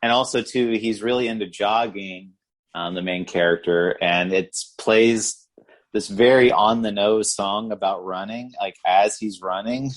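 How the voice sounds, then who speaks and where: A man's voice: lowish voice, unhurried. A man co-hosting a podcast, chatting casually about a movie in a rambling way, with many restarts and "like". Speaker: podcast co-host. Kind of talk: casual movie review chat.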